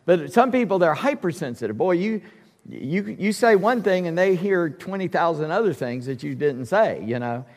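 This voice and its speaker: High-voiced pastor preaching in a reverberant hall. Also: male voice, expressive, normal speed. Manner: emphatic, conversational preaching with asides. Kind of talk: sermon. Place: church sanctuary.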